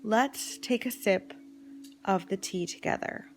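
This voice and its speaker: A woman from Canada talks to her viewers from home at night in an unhurried, chatty way. She drops into soft whispers, then brightens into sudden exclamations. Her voice sits at an ordinary middle pitch. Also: soft background music. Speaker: vlogger. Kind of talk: casual chat.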